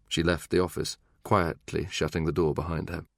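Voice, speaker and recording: Low voiced guy reading an audiobook, dry close sound, measured. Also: level tone, vocal fry, no echo. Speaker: audiobook narrator. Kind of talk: scripted narration.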